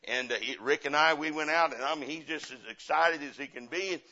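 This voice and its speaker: A middle-aged man preaching a sermon as a guest missionary, telling stories in an impassioned way that swings from loud to quiet and repeats phrases for emphasis. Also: on the high side, a little fast. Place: church. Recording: dull lo-fi sermon recording.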